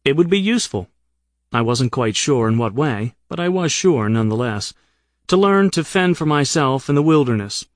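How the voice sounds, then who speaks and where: A man's voice: medium pitch, no room sound. A man narrating his own comic travel memoir in a dry, wry storytelling manner, read close to the microphone. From United States. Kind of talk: first-person audiobook narration.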